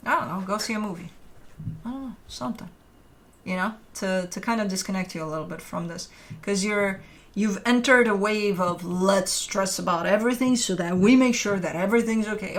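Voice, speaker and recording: A woman's voice: mid-range voice, vocal fry, a bit bright. A woman giving a casual tarot reading at home, offering frank, reassuring advice with plenty of filler words. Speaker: tarot reader.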